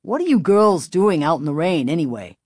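A woman's voice: on the low side, very animated, moderate pace, no echo, studio quality. A woman voicing a short, stocky male steamroller driver, relieved and apologetic after a scare, in a storybook reading. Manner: shouting, then relieved and apologetic.

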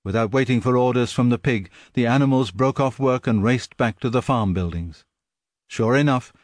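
A man reading a story aloud in steady, measured audiobook narration. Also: mid-range voice, dry recording, clean studio sound. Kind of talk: scripted narration.

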